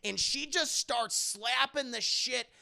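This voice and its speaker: Gravelly, bright-voiced streamer man. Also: very high-pitched, slow. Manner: profane, rambling, keeps addressing chat. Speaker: streamer reviewing a film. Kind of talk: casual live-stream film recap.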